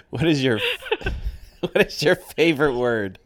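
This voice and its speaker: A man's voice: medium pitch, animated, slow. A man hosting a podcast, asking questions in a joking, teasing casual chat. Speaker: podcast host.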